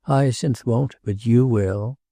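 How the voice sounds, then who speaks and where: A male audiobook narrator voicing a restless, earnest princess who speaks gravely and pleads. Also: mid-range voice, takes it slowly, mellow, no room sound, studio quality. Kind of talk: audiobook character reading.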